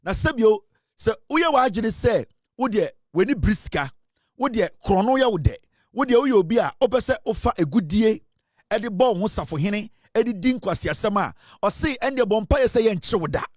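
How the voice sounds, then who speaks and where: A Ghanaian man delivering fiery news commentary in a high, ringing voice. He is emphatic and forceful and moves freely between English and Twi, recorded close and dry with no room sound. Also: lively intonation, normal speed, dry recording. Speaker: political commentator.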